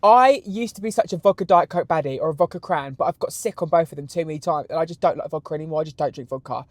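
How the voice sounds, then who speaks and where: A man's voice: fairly high pitch, fast, no echo. Brief: British man in his 20s, podcast host, camp and crude, close dry mic. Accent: British English. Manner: animated, crude, camp storytelling. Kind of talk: solo podcast answering questions.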